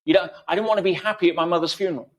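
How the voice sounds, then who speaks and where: A man's voice: high voice, rapid-fire. A man guest in an interview, explaining ideas emphatically through everyday analogies. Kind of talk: conversational interview.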